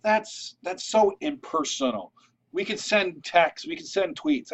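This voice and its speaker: The vlogger's slightly high voice is animated yet unhurried, with a bit of roughness, as he shares practical networking tips to camera. Loose and rambling, he restarts and digresses often and checks in with "all right?", while the audio comes across a little dull and lo-fi.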